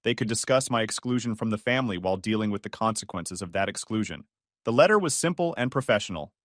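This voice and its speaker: A man narrating a first-person story in a calm, measured, wry manner. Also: fairly low pitch, dry recording, studio quality.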